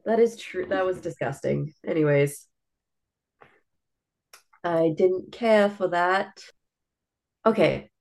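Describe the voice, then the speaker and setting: Woman, podcast co-host, casual book chat, blunt, lowish voice. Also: takes it slowly, vocal fry, long pauses, darkish tone. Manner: blunt, frequent "like", swears casually.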